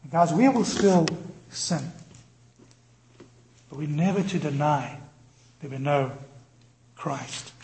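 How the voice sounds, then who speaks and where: Male pastor, fairly high voice, passionate storyteller; echoey room, faint hiss. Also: slow pace, pauses often. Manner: impassioned storytelling, swings from loud to quiet. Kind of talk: sermon.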